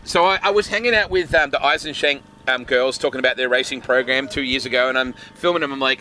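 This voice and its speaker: A man's voice: mid-range voice, fast talker, hardly any pauses, pushed and bright. A man hosting a casual live-stream chat outdoors, jokey and full of stories. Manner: chatty, jokey storyteller. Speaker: host. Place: outdoors at a racing event.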